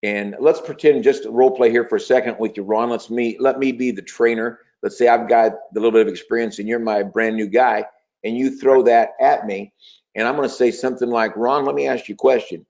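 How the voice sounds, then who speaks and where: A man's voice: mid-range voice, steady tone, a little fast, a little mellow. Male sales trainer, persuasive coaching tone, muffled webinar sound. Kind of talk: webinar training talk with role-play. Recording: dull lo-fi webinar audio.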